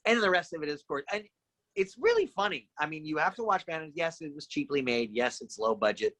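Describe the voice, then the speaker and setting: A middle-aged man, a guest actor, telling anecdotes in a casual podcast chat and acting out the lines of the people in them with lively energy. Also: on the high side, fairly quick, dry recording. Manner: animated anecdotes with lively acted-out quotes.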